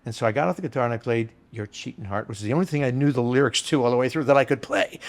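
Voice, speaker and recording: An older man with a gravelly, creaky edge to his voice spins rambling anecdotes at a middle pitch. He talks casually and earthily, like a bartender being interviewed about the old days. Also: very fast. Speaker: bartender guest. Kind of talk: storytelling interview chat.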